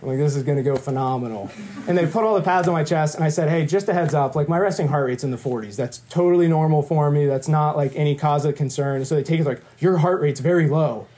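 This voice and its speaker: Young man telling a candid testimony, mellow voice. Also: on the high side, fairly even intonation, fast, few pauses. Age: 20s. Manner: candid storytelling with quoted dialogue and self-deprecating humor. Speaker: guest speaker. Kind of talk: personal testimony talk.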